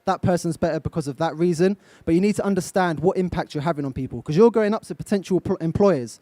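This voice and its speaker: Young man coaching an audience, dark voice. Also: fairly high pitch, quick pace, dry recording. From England. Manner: direct, coaching, asks the audience questions. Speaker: motivational speaker. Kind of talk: live motivational talk to a young audience. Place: event stage.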